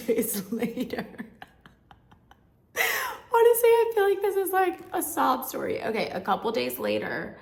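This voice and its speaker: A woman's voice: lowish voice, reverberant. A young woman vlogger telling her own story to camera in a frank, emotional, chatty way with many asides. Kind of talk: candid personal storytelling to camera.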